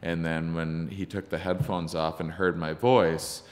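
A comedian being interviewed, telling a story in a halting, searching way with many ums and restarts. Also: male voice, sits low, little pitch movement. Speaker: podcast guest, comedian. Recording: long reverb from the room.

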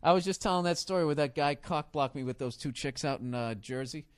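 Man, podcast host, profane comic rant, slightly high voice, dry close sound. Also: a little fast, clear, resonant tone, no echo. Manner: profane, animated storytelling.

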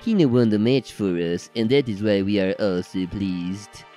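A man reading game dialogue aloud with friends, lively and giggly. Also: lowish voice, normal speed. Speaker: player reading game lines. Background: game music.

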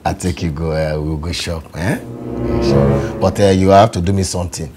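A man's voice: sits low, normal speed, over music, natural voice. An actor playing a broke, boastful young man who schemes to get money from his overseas lover, speaking in a Nigerian accent. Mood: scheming. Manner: animated, mixes pidgin with English. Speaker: comic skit actor. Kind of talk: comedy skit acting.

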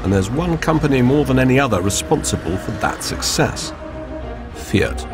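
A man delivering measured, scripted documentary narration. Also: medium pitch, animated, music in the background. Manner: measured and informative.

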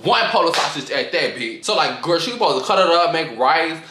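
A man's voice: a little high, lively intonation, fairly quick, background noise. A young man telling a storytime on his vlog, sassy and profane, mimicking his friends' voices as he goes. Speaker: storytime vlogger. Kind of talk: casual storytime rant. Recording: roomy echo.

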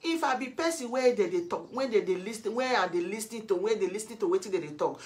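A woman's voice: mid-range voice, animated, brisk, few pauses, a little hiss or hum. A middle-aged Nigerian woman from Edo State speaking Nigerian Pidgin English, scolding a rival in a lecturing vlog monologue full of rhetorical questions. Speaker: vlogger.

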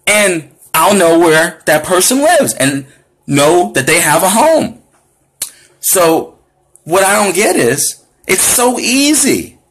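Animated, husky-voiced Florida man ranting. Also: high voice, slow pace. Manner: animated, indignant, sarcastic asides. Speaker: activist vlogger. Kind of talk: casual monologue to camera.

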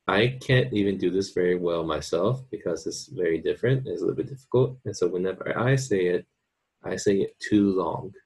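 Husky low-voiced male teacher. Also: moderate pace, darkish tone. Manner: informal, checks in with "okay?" and "right?". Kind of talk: recorded online lesson.

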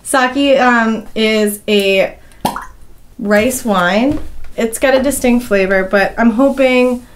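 A woman with a high voice co-hosting a casual podcast. She sounds excitable and giggly, with an eager, enthusiastic manner. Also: slow pace, a little hiss or hum. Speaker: podcast co-host.

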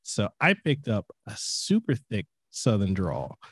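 A man's voice: fairly low pitch, huge pitch swings, a little slow, slightly rough, dry recording. A man whose first language is Samoan, hosting a podcast in casual chat, with a stutter and frequent laughs. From Hawaii. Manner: stutters and stammers, laughs often. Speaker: podcast host.

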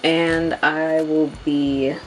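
A woman's voice: low voice, little pitch movement, extremely slow, slight background noise, low-quality recording. A young woman chatting casually through a makeup tutorial at home, talking to her viewers as girl and y'all, and often apologizing. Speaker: beauty vlogger.

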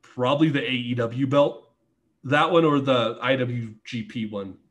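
A man guesting on a podcast, telling a story in a casual, animated way, with lots of swearing and acted-out quotes. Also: mid-range voice, measured pace. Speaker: podcast guest, former wrestler.

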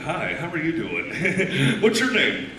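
A man's voice: on the high side, huge pitch swings, takes it slowly, very noisy, full character voice. An actor playing a crude, wisecracking male ghost showman who works a live theme park crowd with brash, sleazy jokes. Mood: flirty, teasing. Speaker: live show emcee. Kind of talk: live stage comedy, crowd work. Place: theme park stage show. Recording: echoey, distant crowd-camera recording with loud music.

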